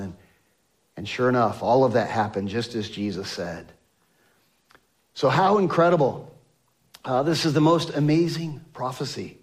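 A man preaching a sermon, emphatic, swinging from exclamations to hushed tones. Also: medium pitch, measured pace, pauses often. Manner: acts out quoted speech of biblical figures.

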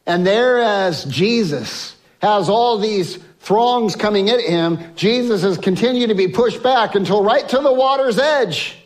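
Male pastor, slightly high voice, sermon storytelling with acted-out biblical voices. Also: expressive, measured pace, few pauses. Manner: swings from loud emphasis to soft hushed lines.

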